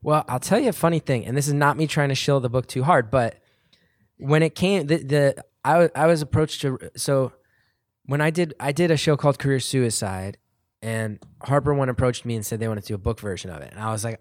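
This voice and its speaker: A man's voice: mid-range voice, a little fast, dry recording. An earnest man, his voice cracking slightly, reads his own writing before an audience at a book event. Off the page he rambles and restarts, but the sound stays close and dry. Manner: earnest, rambling, with restarts when speaking off the cuff. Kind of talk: reading aloud from his book, then audience Q&A.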